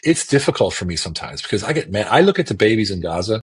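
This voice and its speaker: A political commentator appearing as a guest on a remote podcast call speaks fast and very animatedly, with a fairly low pitch and a breathy edge. His casual talk is emphatic, and he repeats words for stress.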